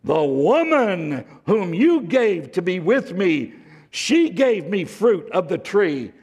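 A man preaching a sermon, slow and deliberate, swinging from emphatic highs to hushed lows. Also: big pitch swings, breathy edge, long reverb tail. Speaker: pastor.

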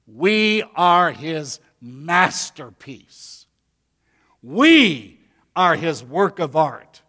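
A man's voice: on the high side, fairly bright tone. A pastor preaching a sermon to his congregation, talking to them directly in a folksy way. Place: church sanctuary.

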